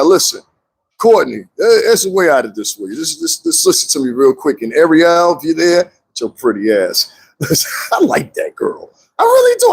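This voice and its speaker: A man's voice: on the high side, gravelly, slightly rough. A man commenting casually on a live stream, talking straight to his viewers and laughing often. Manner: animated, talks straight to viewers, frequent laughs.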